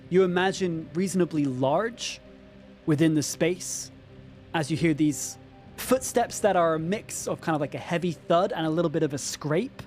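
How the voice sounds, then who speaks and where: Man, game master, tabletop game narration for a stream, lively, talks to chat, slightly high voice. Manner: lively, addresses chat directly, frequent fillers.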